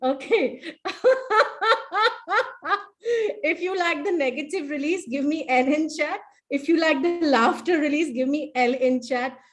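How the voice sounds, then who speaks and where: A woman's voice: high-pitched, moderate pace, hardly any pauses. A woman presenting in an online webinar, playful and coaxing, leading the audience through breathing and laughter exercises over a video call.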